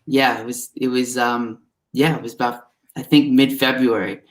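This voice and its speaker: A man's voice: mid-range voice, steady tone, moderate pace. Easygoing recruiter man on a video call. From New Jersey. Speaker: guest, recruiter. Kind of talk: casual interview chat.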